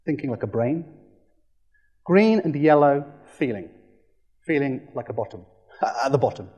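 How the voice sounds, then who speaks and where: A man giving a lively training presentation, playful and animated, acting out quick quoted voices. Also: medium pitch, husky, dull audio. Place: presentation room.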